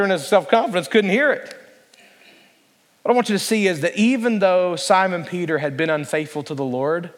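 A man preaching a sermon as pastor, earnest and deliberate, slowing down to read scripture and prompting the congregation to answer. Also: high voice, in a large hall.

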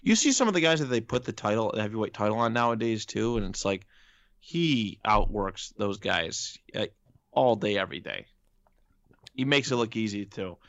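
A man with a low, gravelly voice talks in loose, casual chat. He leans on emphatic points and rhetorical questions. The recording is dry and a little dull and lo-fi. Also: animated, moderate pace, a bit bright, dry recording.

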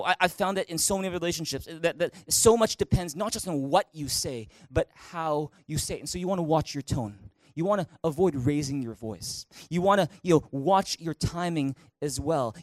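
A middle-aged man preaches in an animated way, his voice pitched high. The sound is close and dry, with little room echo. He bursts into loud acted-out quotes to make his points. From Canada. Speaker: pastor. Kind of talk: sermon. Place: church auditorium.

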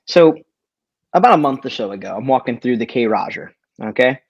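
Profane, animated man telling stories. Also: medium pitch, brisk, slightly rough, dry recording, dull audio. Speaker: podcast co-host. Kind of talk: casual chat.

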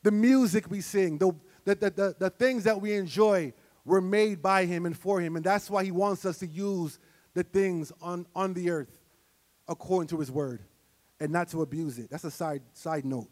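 A man with a high voice preaches a sermon in a church. He moves from quiet, measured teaching to shouted, fervent prayer. A long reverb from the hall trails after his words.

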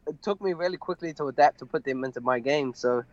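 A young man, an MMA fighter, telling a personal story in an interview, halting and full of fillers. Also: fairly high pitch, no echo, muffled recording. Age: young adult. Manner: halting, many fillers and restarts.

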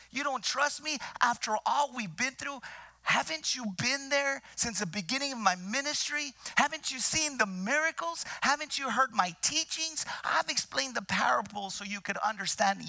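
Preacher playing an exasperated, pleading teacher. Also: male voice, very high voice, lively intonation, measured pace, gravelly, pushed and bright, no room sound, voice pushed up, exaggerated voice. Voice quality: raised, pleading voice. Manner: rising pleading rhetorical questions. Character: exasperated adult male teacher scolding his fearful followers. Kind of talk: dramatized retelling in a sermon.

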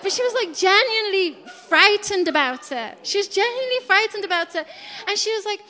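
High-voiced woman preaching in a hall. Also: fairly quick. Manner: chatty and animated, laughs at herself. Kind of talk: storytelling sermon. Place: church hall. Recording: long hall reverb.

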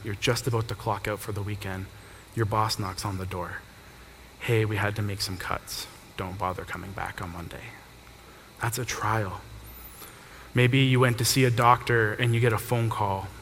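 A man's voice: lowish voice, fairly bright tone, slight background noise. Young man preaching in a reverberant hall. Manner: conversational, uses everyday examples. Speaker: pastor. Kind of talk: sermon.

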